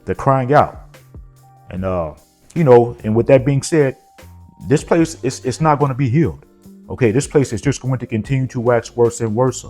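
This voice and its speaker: A man's voice: medium pitch, normal speed, a little mellow, faint music behind. A man gives an informal sermon and reads scripture, peppering his talk with "okay?" and "you know". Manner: repetitive, punctuated with frequent "okay?" and "you know". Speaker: preacher.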